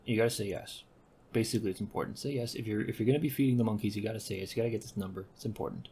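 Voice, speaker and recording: Low gravelly man rambling over gameplay. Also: very fast, a little hiss or hum. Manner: rambling, self-correcting, deadpan asides. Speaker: gaming commentator. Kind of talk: casual gameplay commentary.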